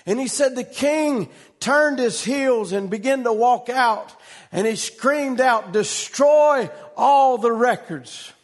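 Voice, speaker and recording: A man's voice: extremely high pitch, slow. A man preaching a sermon, telling a story with a rhythmic cadence and repeated, restarted phrases.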